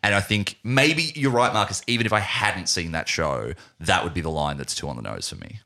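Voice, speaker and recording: A man's voice: sits low, animated, fairly quick, vocal fry, pushed and bright. An Australian man co-hosting a casual film podcast, talking animatedly with laughs and swearing. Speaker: podcast co-host.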